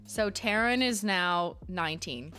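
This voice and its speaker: Low-voiced woman chatting on stream. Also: a little slow, bright, forceful tone, soft background music. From Canada. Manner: chatty, wry asides, frequent laughs. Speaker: host reading viewer mail. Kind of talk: casual livestream chat.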